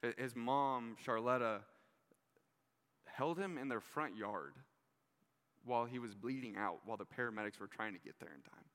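A man's voice: medium pitch, moderate pace, long pauses, fairly bright tone, big-room sound. A man preaching a sermon in an earnest, conversational way, with casual asides to the listeners. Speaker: pastor.

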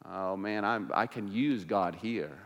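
A preacher voicing Abner, a smug scheming commander. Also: male voice, on the low side, unhurried, big-room sound, pitched below the performer's own voice. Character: scheming arrogant male army commander, power-hungry.

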